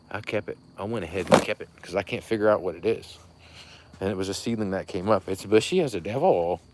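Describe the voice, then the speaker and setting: A man's voice: on the low side, slight background noise. A man gives a rambling, folksy walking tour of his fruit tree nursery at night, chatting to viewers. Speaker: rare fruit tree grower and seller. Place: outdoor plant nursery at night.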